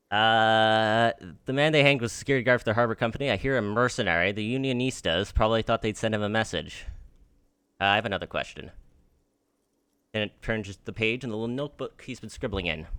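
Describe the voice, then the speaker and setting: A man's voice: fairly low pitch, bright, forceful tone, clear, resonant tone. A man streaming a game live, reading its dialogue aloud and joking, laughing and swearing in between. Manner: swears freely, laughs often, jokes while reading dialogue.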